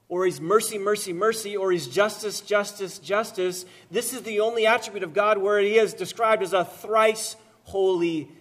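Guy preaching a sermon, kinda high voice, gets loud then drops real quiet, bit of humor. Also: fairly even intonation. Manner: dynamic preaching, swings from loud emphatic repetition to quiet slow lines; gentle humor. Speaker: pastor.

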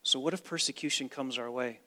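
A man preaching a sermon as pastor, with dramatic swings from hushed to loud and emphatic delivery. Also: medium pitch, a little fast. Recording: long reverb of a large hall.

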